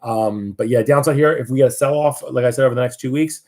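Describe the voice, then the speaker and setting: A man's voice: mid-range voice, fast, darkish tone. A man giving casual live market commentary, chatty and loose, with many fillers and restarts.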